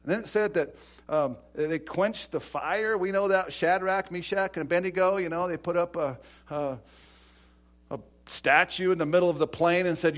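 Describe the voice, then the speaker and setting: A man preaching an informal sermon, retelling Bible stories in an animated way with many fillers and restarts. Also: fairly high pitch, moderate pace.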